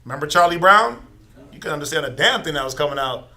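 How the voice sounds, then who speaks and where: A man leads a Bible class in a loose, conversational preaching style. His voice is bright and forceful and sits a little high. He keeps asking the class rhetorical questions. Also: expressive, fast. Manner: informal, many rhetorical questions.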